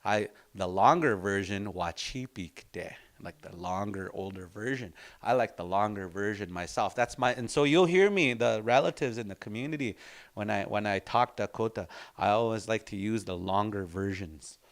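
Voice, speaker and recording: A man teaching an informal language class in an unhurried, reflective, storytelling way. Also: on the low side.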